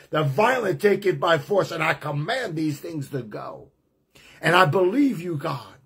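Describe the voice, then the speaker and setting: A man's voice: fairly high pitch, animated, measured pace, fairly bright tone, slightly rough. A middle-aged man preaching a fervent testimony sermon, emphatic and punctuated with amens.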